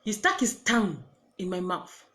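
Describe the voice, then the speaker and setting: A young adult woman with a Zimbabwean accent tells a personal story in casual storytime style. She is animated, laughs often and repeats words. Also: lowish voice, normal speed.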